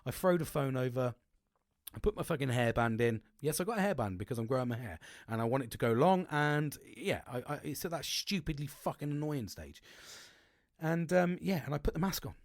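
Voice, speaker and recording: A man in middle age talks candidly about his struggles, rambling and restarting, swearing freely. His voice sits at an ordinary middle pitch, recorded close and dry with no room around it. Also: lively intonation, brisk, dry recording. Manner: rambling, open and emotional, heavy swearing, many restarts. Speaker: podcast host. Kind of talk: candid personal talk.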